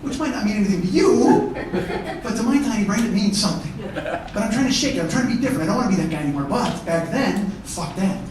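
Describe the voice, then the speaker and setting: A man doing stand-up comedy, telling a profane story and shouting out the heated parts. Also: high voice, animated, fast, slight background noise. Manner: profane, escalates to shouting in acted-out arguments. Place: theatre stage before a live audience. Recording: echoey theatre, mic at a distance.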